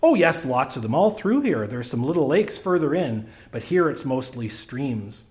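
A man's voice: medium pitch, sing-song, moderate pace, a little mellow, lightly acted. A man voicing a chatty fisherman on a train, eagerly explaining in detail how to fish a stream with worms. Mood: enthusiastic.

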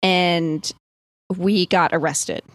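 Casting: young woman from the US East Coast, low-pitched, chatty storyteller, laughs and swears, dry close sound. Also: fairly even intonation, very slow, no room sound. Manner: chatty, lots of "like", swears, laughs mid-sentence. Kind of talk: casual storytelling among friends.

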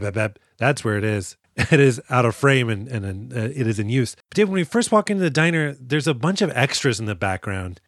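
Male podcast co-host, joking and animated, dry close sound. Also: medium pitch, dry recording. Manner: jokey, animated, does silly voices and sound effects. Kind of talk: casual movie review chat.

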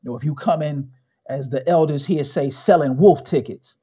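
A middle-aged man, a guest telling animated stories in casual conversation, often tagging his points with "right?" and acting out quotes. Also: fairly high pitch, moderate pace, breathy edge. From Chicago.

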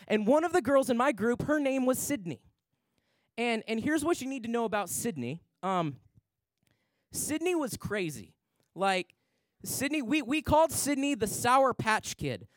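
A man's voice: very high-pitched, dry recording. A young man preaching a sermon in a large church, telling stories and acting out the voices in them. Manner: animated storyteller, acts out voices. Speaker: pastor. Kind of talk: sermon with storytelling. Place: large church worship center.

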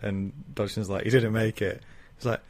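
A man co-hosting a casual podcast, retelling a novel's plot with frequent laughter and quick acted-out quotes. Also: lowish voice, level tone, slight background noise. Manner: laughs often while retelling, acts out quoted lines. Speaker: podcast co-host.

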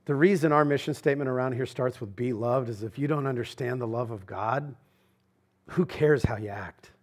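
A man preaching a sermon as pastor, talking in a conversational, emphatic way that swings between loud and hushed. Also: medium pitch, normal speed. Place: church sanctuary.

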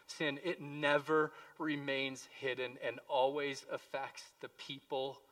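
A man preaching a sermon as pastor, impassioned, moving between hushed pleading and loud emphasis. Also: mid-range voice, flat delivery, slow, recorded from a distance.

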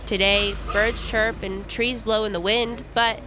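A young woman from the United States narrating a radio feature report in a calm, measured first-person voice. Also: mid-range voice, noisy background.

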